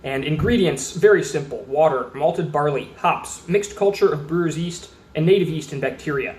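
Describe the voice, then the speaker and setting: A man's voice: a little high, normal speed, darkish tone, a little hiss or hum. A man from Austin, Texas, chatting casually through a beer review at a table, rambling and reading labels aloud. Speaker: beer reviewer, channel host. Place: indoors at a table. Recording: roomy echo.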